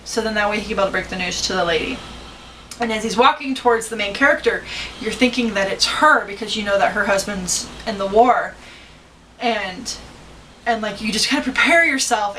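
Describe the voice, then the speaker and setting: A woman's voice: medium pitch, fairly quick, pushed and bright, far from the mic, slight background noise, rough recording. A woman talking about a movie with her daughter in a chatty, rambling way, now and then acting out lines in put-on voices. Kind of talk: casual chat.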